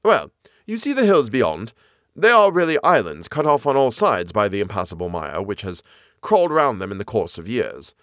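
A man's voice: lowish voice, wildly swooping pitch, normal speed, fairly bright tone, dry recording, clean studio sound. A man reading as an eager lecturing naturalist. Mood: warning.

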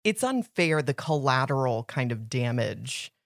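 A woman's voice: extremely low pitch, very animated, unhurried, no echo, clean studio sound. Chatty, opinionated woman podcast co-host. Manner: chatty, opinionated, heavy use of "like". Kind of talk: casual book discussion.

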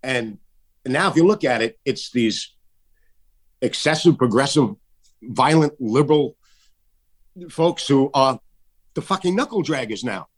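A man talks in a loose, emphatic way, his pitch sitting in an ordinary middle range. He swears freely and throws his voice up high whenever he mocks someone else. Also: expressive, unhurried, pauses often. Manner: emphatic, swearing, voice jumps high when mimicking others. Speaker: artist guest. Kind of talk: casual political chat.

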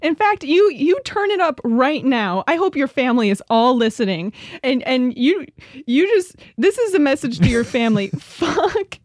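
Female podcast co-host, high voice, giggly, dry close sound. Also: sing-song, moderate pace, no room sound. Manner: giggly, playful. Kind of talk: casual chat.

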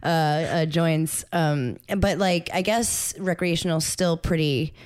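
A woman co-hosting a relaxed podcast in casual chat. She rambles, leans on "like" and laughs easily. Her voice sits slightly low for a woman. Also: slow, clean tone. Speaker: podcast co-host.

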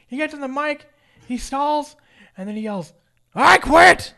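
Man, high pitch, lively swings, bright voice, wry casual recap. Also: moderate pace. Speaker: podcast co-host.

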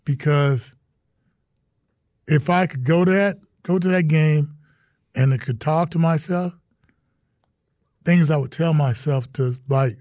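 A middle-aged man, a guest in an interview, telling stories in a lively way and acting out the quotes. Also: fairly high pitch, slow, pauses often, no room sound, clean studio sound. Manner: animated storyteller, acts out quotes, exclamations. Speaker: interview guest, retired football player. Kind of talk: casual interview storytelling.

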